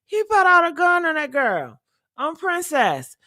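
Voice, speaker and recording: A woman's voice: very high-pitched, very animated, a little slow, bright, forceful tone. A woman hosting a celebrity gossip show, ranting bluntly and heatedly with lots of profanity. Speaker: commentary podcast host. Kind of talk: casual celebrity gossip commentary.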